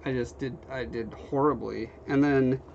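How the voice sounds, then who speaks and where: A relaxed young man chats on a workshop stream. He rambles easily and reads out viewer comments as he goes. The audio sounds a little dull, with a faint hum of noise behind him. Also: medium pitch, moderate pace, gravelly. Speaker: livestreamer. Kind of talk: casual chat while working, reading chat. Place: home workshop.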